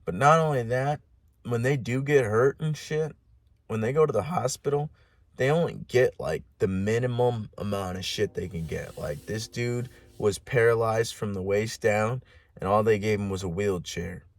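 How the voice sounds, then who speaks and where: A man's voice: fairly low pitch, moderate pace, no room sound, clean studio sound. A man hosting a podcast alone, rambling in a casual monologue with heavy swearing, lots of "like" and restarts. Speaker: podcast host.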